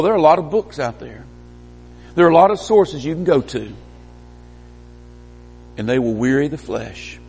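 A man preaching a sermon, emphatic, swinging from stressed peaks to quiet low lines. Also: a little hiss or hum. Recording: long hall reverb.

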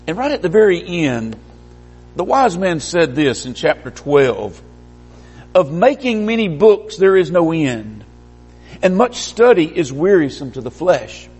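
A man preaches a sermon in a church hall, his slightly husky voice rising to emphatic peaks and then dropping low and quiet. His words ring out with a long reverb trailing behind them. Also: very animated, measured pace.

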